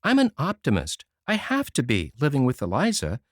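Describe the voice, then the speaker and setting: A man reading a storybook voices a timid, cheerful older woman who speaks gently and earnestly. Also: mid-range voice, wildly swooping pitch, normal speed, no echo, studio quality. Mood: earnest hope.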